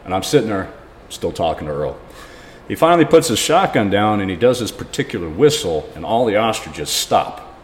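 A man's voice: on the low side, big pitch swings, moderate pace. A man guesting on a podcast, telling a rambling story casually and often laughing. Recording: reverberant room with faint noise.

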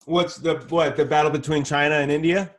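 A young man in a casual podcast chat, blunt and quick to swear. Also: a little high, flat delivery.

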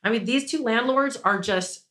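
A woman's voice: fairly high pitch, normal speed, a bit bright. A woman, a small business owner, telling a long story in a casual interview, rambling with many restarts and an indignant edge.

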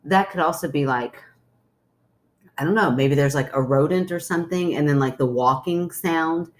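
A woman's voice: low voice, moderate pace. A woman co-hosting a casual podcast chat, joking and skeptical, often trailing off into fillers. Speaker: podcast co-host.

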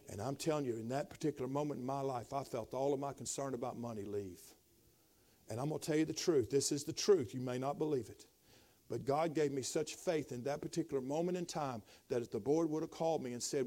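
A middle-aged pastor preaches a sermon, sinking into quiet tones before rising to loud exhortation. His voice sits at medium pitch and moves fairly quickly.

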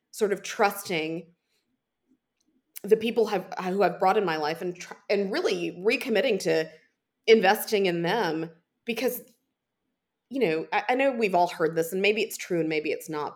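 A middle-aged woman, a podcast guest, speaking candidly and reflectively. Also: on the low side. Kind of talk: casual podcast interview.

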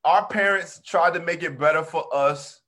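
High, bright-voiced man telling stories. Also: moderate pace. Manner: animated, slangy, acts out quotes. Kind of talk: casual storytelling chat.

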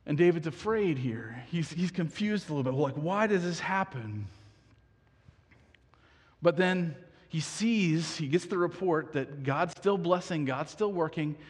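A man preaching a sermon in a lively, animated way, acting out voices and laughing at himself now and then. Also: on the high side, in a large hall. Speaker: pastor.

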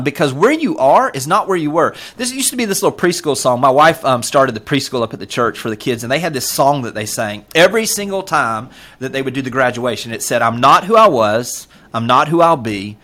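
A man with a Southern US accent tells his story in casual interview chat. His pitch rises and falls widely as he gets going. He talks earnestly and keeps stopping to say um and you know. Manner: earnest, animated storyteller with many fillers. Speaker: podcast guest.

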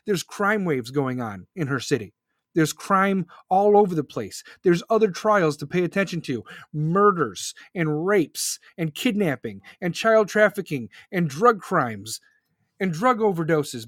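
A man's voice: sits high, sing-song, moderate pace, fairly bright tone, no room sound, clean studio sound. A man hosting a podcast, delivering an angry, profane political rant. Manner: furious, profane, ranting. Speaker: podcast host.

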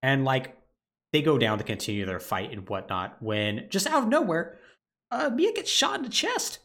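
A man hosting a casual podcast, his pitch bouncing freely as he walks through a plot. He keeps it informal, stacking filler words as he goes. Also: normal speed. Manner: animated plot retelling with lots of "like" fillers. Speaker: podcast co-host.

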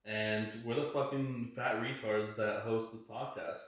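A man co-hosts a casual podcast, rambling and swearing freely. His voice sits a little low. The room is very echoey. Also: fairly even intonation, unhurried. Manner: crude, rambling, heavy swearing and fillers. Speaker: podcast co-host.

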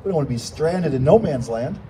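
A male pastor preaching a sermon in a church, animated and climbing into shouts when he voices a plea. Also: on the high side, a little fast. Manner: animated, rising to shouts when quoting pleas. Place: church sanctuary. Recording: distant mic with faint room noise.

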